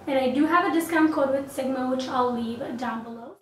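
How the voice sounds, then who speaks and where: A woman's voice: high voice, fairly quick. A young woman narrating a makeup tutorial in a chatty, upbeat, gushing way, recorded in a small apartment. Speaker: makeup vlogger. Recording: echoey room, distant mic, faint hiss.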